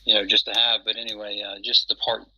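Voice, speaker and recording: A man's voice: on the low side, level tone, quick pace, bright, forceful tone, slightly rough, no room sound. A man chatting casually on an audio call, rambling with many fillers and restarts. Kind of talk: casual chat. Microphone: phone on an audio chat app. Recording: dull lo-fi app audio.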